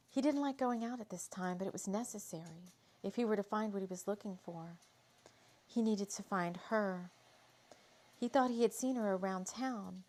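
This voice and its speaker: A woman's voice: medium pitch, darkish tone. A woman storyteller reading a spooky romance story aloud, leisurely and dramatic, with chatty asides.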